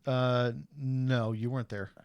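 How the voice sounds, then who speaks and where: A man's voice: mid-range voice, slow, clear, resonant tone, no echo. A man in his thirties telling stories on a casual stream, acting out what people said. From USA. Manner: animated storyteller who acts out quotes. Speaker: stream host. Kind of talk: casual storytelling.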